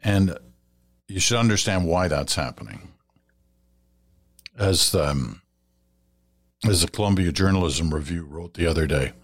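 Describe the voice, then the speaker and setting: In a conversational radio feedback segment, a very deep-voiced man goes through letters from listeners. His delivery is measured and advisory, with lively intonation, and he sometimes pauses on fillers or restarts a phrase.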